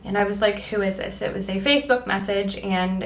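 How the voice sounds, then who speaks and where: A woman's voice: mid-range voice, a little fast, a little hiss or hum. A young woman vlogging her personal testimony, earnest and emotional, acting out what she and others said. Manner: earnest and emotional, quotes herself and others in lively voices. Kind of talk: personal storytelling. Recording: echoey room.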